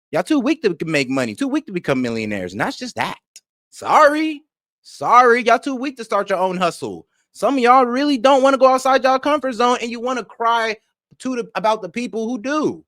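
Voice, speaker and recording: A high-voiced man with a pitch that leaps all over the place, talking back at a video in brash, mocking bursts. He swears freely and laughs at his own jabs. The sound is dry and close. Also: fairly bright tone, no echo. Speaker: reaction streamer. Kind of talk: casual reaction commentary.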